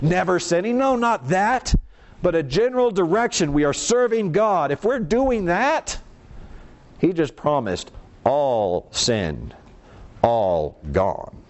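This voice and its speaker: Emphatic male preacher, fairly high voice. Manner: emphatic, swings between soft low and raised lines; rhetorical questions to the congregation. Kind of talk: sermon.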